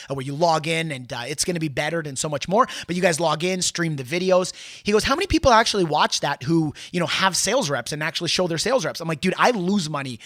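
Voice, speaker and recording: Guy with a fairly high voice, sales coach, rambling story, lots of "i'm like, he goes". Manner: animated, retells dialogue with many restarts. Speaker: sales coach and show host. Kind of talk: casual storytelling monologue.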